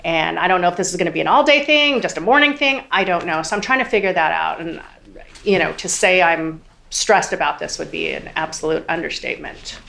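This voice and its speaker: Low, gravelly-voiced woman testifying in court. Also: animated, a little fast, a bit bright. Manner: hesitant, many ums, quotes others. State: near tears. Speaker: trial witness.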